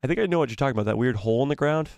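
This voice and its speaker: A man's voice: medium pitch, racing, vocal fry, dry recording. A young man talks to his live chat with playful energy, teasing viewers and tripping over the messages he reads out. His voice sits in a middle register. The sound is dry and close, with no room around it. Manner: animated and playful, teasing the chat, stumbles when reading aloud. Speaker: live stream host reading viewer donations. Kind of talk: casual live stream chat.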